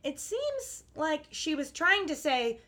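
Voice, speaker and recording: A woman co-hosting a casual podcast, recapping a TV episode in a wry, animated way and acting out the characters' lines. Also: high-pitched, slow. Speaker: podcast co-host recapping a show. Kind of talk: casual chat.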